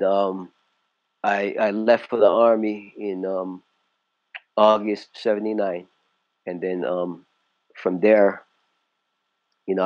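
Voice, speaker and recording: A man's voice: on the low side, no room sound, muffled recording. A man in his sixties from California, telling his story in a casual interview, rambling with many fillers and restarts. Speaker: martial arts instructor, interview guest.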